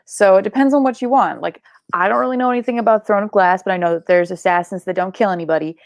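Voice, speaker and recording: A young woman chats her way through a live book club stream, rambling and drowsy, yawning between thoughts. Her voice sits in the middle range with a gravelly fry. The sound is dry and close, with no room echo. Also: mid-range voice, fast. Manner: chatty, rambling, swears casually, yawning and sleepy. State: sleepy. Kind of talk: casual live-stream chat.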